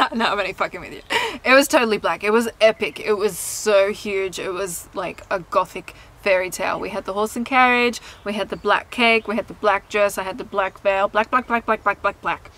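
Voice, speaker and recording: A young woman talks to her camera outdoors in a relaxed, candid vlog. Her voice is bright and clear, at a middle pitch. She laughs easily and swears offhandedly. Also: moderate pace, rough recording. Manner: chatty, candid, laughs often, swears casually. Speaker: vlogger and singer. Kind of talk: casual chat to camera. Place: outdoors in sunshine.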